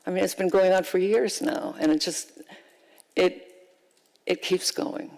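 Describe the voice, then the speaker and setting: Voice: mid-range voice, measured pace, creaky, darkish tone, big-room sound, rough recording. A council member giving an indignant, emphatic closing argument at a council meeting. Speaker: council member sponsoring the item. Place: council chamber.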